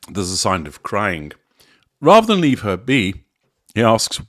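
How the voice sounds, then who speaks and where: A man giving a measured, deliberate analytical commentary, explaining a recorded interaction step by step. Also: sits low, very animated, a bit bright, no room sound, clean studio sound. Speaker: commentator on narcissism.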